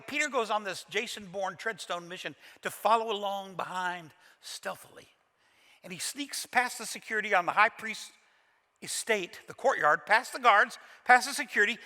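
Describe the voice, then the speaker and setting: A man's voice: high-pitched, pushed and bright. A man from Kentucky preaching a sermon as pastor, retelling the scene dramatically with folksy humor. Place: large church auditorium. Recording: reverberant church hall.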